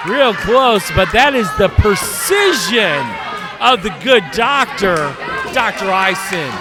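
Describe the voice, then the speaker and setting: A man calling a live wrestling match play-by-play, excitable and often shouting as he gets worked up. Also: high voice, takes it slowly. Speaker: wrestling commentator. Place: live wrestling show venue. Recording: loud crowd and music behind.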